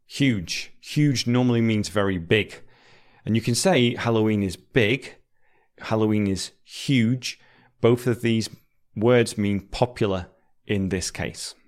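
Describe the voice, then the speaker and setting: British guy teaching english phrases, lowish voice, calm and clear. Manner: clear, patient, repeats example sentences slowly. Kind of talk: explaining vocabulary to learners.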